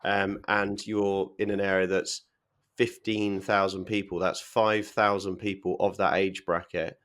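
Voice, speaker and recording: A man with a low voice co-hosts a property podcast from the UK. He lays out population numbers and portfolio targets in a matter-of-fact way. His tone stays casual and practical. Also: flat delivery, measured pace, a bit bright. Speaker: podcast co-host, property developer. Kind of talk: casual chat.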